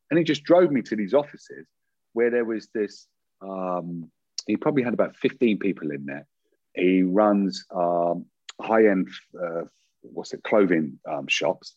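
A man telling a personal story as an interview guest, animated and quick, with many restarts and fillers. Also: lowish voice, husky, no echo, dull audio.

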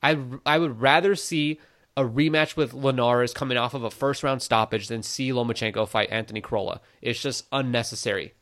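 A man co-hosting a casual sports podcast, talking in an opinionated, animated way with many "like" fillers. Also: medium pitch, brisk. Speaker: boxing podcast co-host. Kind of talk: casual conversational commentary.

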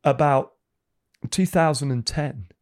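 A man telling a Christian testimony in conversation, animated and acting out the voices in his story. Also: medium pitch, slow, no room sound, clean studio sound.

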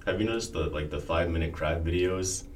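Young man with a very deep voice, blunt and skeptical, distant mic with noise behind. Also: quick pace. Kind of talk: casual chat.

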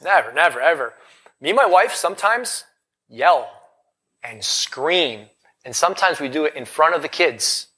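Male motivational speaker, thirties, live seminar, bright voice pitched a little high, punchy questions to the crowd. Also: normal speed, husky. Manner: energetic, rhetorical questions to the audience. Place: event hall in front of a live audience.

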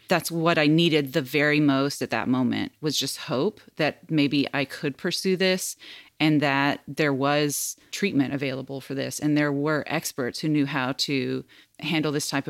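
A woman's voice: low-pitched, no echo. A woman co-hosting a podcast interview, speaking earnestly and heartfelt, close to tears. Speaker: podcast co-host.

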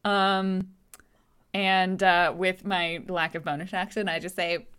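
A chatty woman plays a tabletop game, casually describing what her character does. Her voice sits a little low. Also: flat delivery, takes it slowly, fairly bright tone, smooth. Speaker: player.

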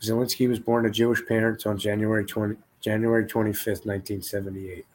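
A man's voice: lowish voice, flat delivery, quick pace, darkish tone, a little hiss or hum. A man hosting a podcast, tired and laid-back, rambling casually and swearing. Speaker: podcast host. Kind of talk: casual chat.

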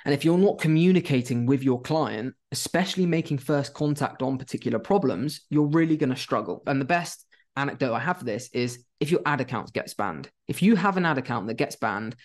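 A young man with a mid-range voice talks straight to the camera about running his agency. He is blunt and animated and swears now and then. He acts out phone calls with clients as he goes. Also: mid-range voice, brisk. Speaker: agency owner giving business advice. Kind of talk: casual talking-head advice.

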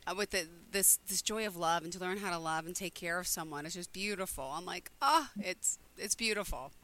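A woman's voice: fairly low pitch, fairly even intonation, fast talker, pushed and bright, low-quality recording. A middle-aged woman, a mother, chatting as an interview guest in an effusive, emotional, rambling way. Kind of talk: casual interview chat.

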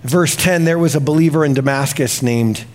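A male pastor preaching a sermon in a confessional tone, swinging between hushed reflection and exclamation. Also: a little high, normal speed.

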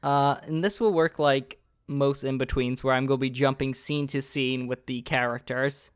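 A young man hosts and runs a tabletop game, narrating scenes in a loose, easygoing way with plenty of fillers. His voice sits at a middle pitch. The recording is close and dry, with no room sound. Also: clear, resonant tone, no echo. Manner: casual, loose, with fillers and restarts. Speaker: game master.

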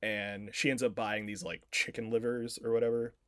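A man's voice: on the low side, level tone, normal speed, smooth. Rambling man retelling a movie plot. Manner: rambling, full of "like" fillers and swearing. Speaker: podcast co-host. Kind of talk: casual chat, retelling a film plot.

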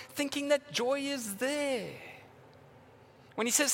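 A man preaching a sermon as pastor, moving from urgent, rising questions to quiet, tender passages. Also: very high voice, normal speed.

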